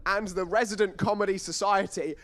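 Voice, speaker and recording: A man's voice: high voice, steady tone, fairly quick, a bit bright. A young man compering a student stand-up show, rambling, teasing and mocking himself. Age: young adult. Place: student comedy stage before a live audience.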